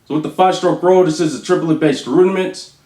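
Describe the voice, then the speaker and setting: A man teaching drum rudiments, calling out stickings and counting beats aloud slowly. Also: a little high, steady tone, loud music behind the voice. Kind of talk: instructional demonstration. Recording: echoey room with faint noise.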